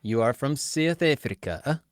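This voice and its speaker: A man's voice: mid-range voice, animated, a little slow, no echo. A man hosting a podcast interview in a jokey, easygoing way, laughing often. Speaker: podcast host. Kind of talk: casual interview chat.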